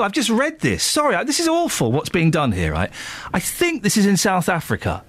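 A man hosting a radio show, chatting casually and reading listener emails aloud in a jokey, animated way. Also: sits high, brisk, hardly any pauses, dry recording. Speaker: radio host.

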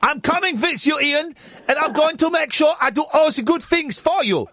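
A flustered producer in a clumsy mock German accent, as a man puts her on. The voice rides high and swings about. The sound is close and dry, with no room around it. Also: expressive, normal speed, bright, forceful tone, no echo, heavily acted. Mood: eager.

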